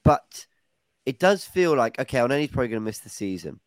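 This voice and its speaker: A man hosting a fan podcast in an easy, chatty way, teasing his panel and throwing questions at them. His voice sits at a middling pitch and sounds dry and close to the mic. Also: big pitch swings, quick pace, dry recording. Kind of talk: casual chat.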